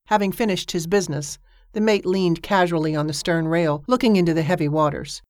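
A woman reading a story aloud as an audiobook narrator, with a steady storytelling manner. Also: a little fast, no echo, clean studio sound. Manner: steady storytelling voice, lifting pitch for characters' dialogue. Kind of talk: scripted narration.

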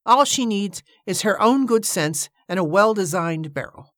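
A woman reading aloud, voicing a brisk, sharp-tongued older woman who speaks curtly in a storybook. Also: medium pitch, lively intonation, dry recording, clean studio sound, natural voice. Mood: scornful. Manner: curt and dismissive.

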